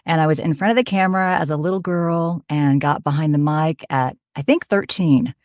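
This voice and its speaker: Low-voiced chatty woman telling stories. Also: normal speed, no room sound, studio quality. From Oklahoma. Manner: chatty, animated storytelling. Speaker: voiceover artist, guest. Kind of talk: casual podcast chat.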